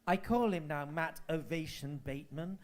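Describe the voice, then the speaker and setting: A man's voice: fairly high pitch, moderate pace. A man hosting a live cabaret showcase, chatting and teasing the crowd with camp banter. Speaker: host. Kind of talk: cabaret compering.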